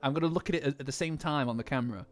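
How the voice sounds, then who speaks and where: A man chatting casually on a live stream, excitable and quick to swear, with loud gasps and exclamations. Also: medium pitch. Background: faint background music.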